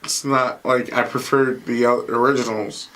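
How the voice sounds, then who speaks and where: A man co-hosting a podcast, dropping short wisecracks and quick replies in casual banter. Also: medium pitch, level tone, a bit bright, low-quality recording. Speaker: podcast co-host.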